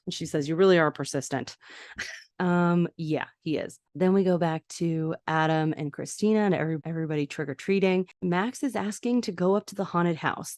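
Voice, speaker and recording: A woman's voice: on the low side, darkish tone, no room sound, studio quality. A young woman hosting a podcast, casually recapping a TV episode and acting out the characters' lines as she goes. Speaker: podcast host.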